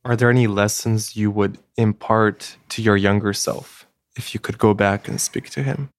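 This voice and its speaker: Host role: a man with a lowish, even voice giving short, calm interview prompts. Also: moderate pace, no room sound. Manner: brief, calm prompts and reflections. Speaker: podcast host. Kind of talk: interviewing a guest.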